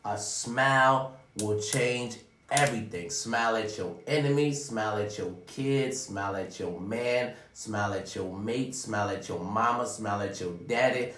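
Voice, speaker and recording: A man delivering a profane, preachy motivational monologue straight to his viewers, often calling out "ladies and gentlemen.". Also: on the low side, normal speed, recorded from a distance. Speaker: vlogger giving life advice. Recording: roomy sound, away from the mic.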